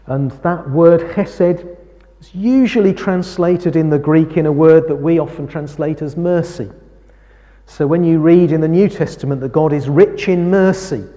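A man preaching a sermon, speaking in a slow, measured way. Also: on the high side. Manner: slow, measured preaching with lively quoted lines. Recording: reverberant hall.

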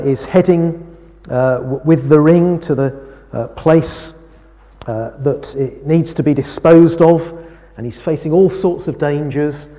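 A man preaching a sermon, speaking in a slow, measured way. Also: on the high side. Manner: slow, measured preaching with lively quoted lines. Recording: reverberant hall.

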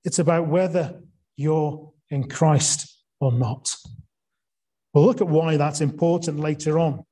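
A male preacher gives an evening sermon in a mellow, warm voice pitched a little high for a man. He talks earnestly, asks his listeners rhetorical questions and presses hard on the words that matter. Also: fairly even intonation, slow.

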